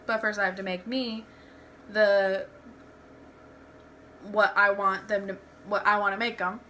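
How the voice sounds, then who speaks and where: A woman's voice: medium pitch, level tone, a little slow, bright, forceful tone, slight background noise. A young woman tells personal stories in a candid, rambling home vlog, restarting her sentences often. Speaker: vlogger. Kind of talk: casual storytelling vlog.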